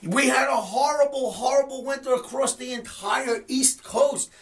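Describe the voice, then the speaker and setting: Fired-up high-voiced man ranting about markets. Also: normal speed, recorded from a distance. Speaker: trading educator and show host. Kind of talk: market commentary webcast.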